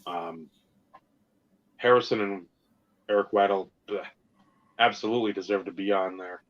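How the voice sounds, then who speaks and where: A man's voice: low voice, moderate pace. A man co-hosting a podcast, talking casually and ranting with plenty of swearing. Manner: animated, profane ranting. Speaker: podcast co-host. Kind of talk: casual sports and hobby chat. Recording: slightly dull lo-fi sound.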